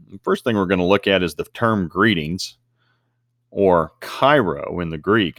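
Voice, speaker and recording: A man teaching a Bible study lesson, slowing down to stress Greek words. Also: sits low, a bit bright, dry recording, clean studio sound. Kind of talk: scripture study talk. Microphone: desk mic at a computer screen recording.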